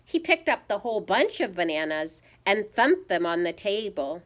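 A woman reading a picture book aloud to young children, pausing to ask them gentle teacherly questions. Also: mid-range voice, sing-song. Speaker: storyteller for children.

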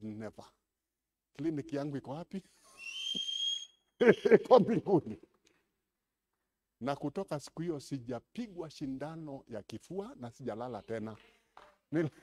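A Kenyan man preaching a sermon as pastor, switching between English and Swahili, dropping low to tell a story and then rising to loud exclamations.

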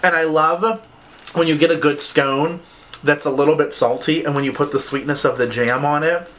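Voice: mid-range voice, fairly even intonation, moderate pace, fairly bright tone, poor audio. A vlogger chatting casually during an unboxing, with lots of "like" fillers. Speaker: vlogger reviewing candle scents.

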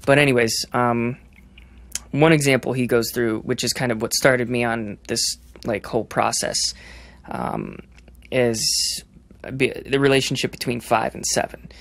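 A young man with a slightly gravelly voice walks through rhythm ideas on a podcast, humming out the beats as he goes. He backs up and restarts often, thinking aloud. The sound is dry and close. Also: mid-range voice, fairly even intonation, a little slow, a bit bright, no echo. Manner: explains by singing rhythms, many fillers and restarts. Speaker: drummer guest. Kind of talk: podcast interview, explaining rhythm.

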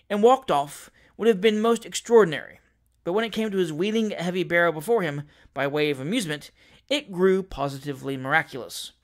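A man reading a classic novel aloud in a measured, expressive storytelling manner. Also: high-pitched. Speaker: audiobook reader.

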